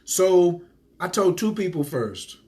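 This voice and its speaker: A man's voice: high voice, takes it slowly. A man hosting a motivational livestream for entrepreneurs, telling a story with energy, acting out the people he quotes, and greeting viewers by name. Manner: animated storyteller who acts out quoted voices.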